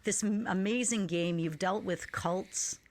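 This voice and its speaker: A woman's voice: medium pitch, unhurried. A woman co-hosting a casual podcast chat, talking enthusiastically and laughing often. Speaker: podcast co-host.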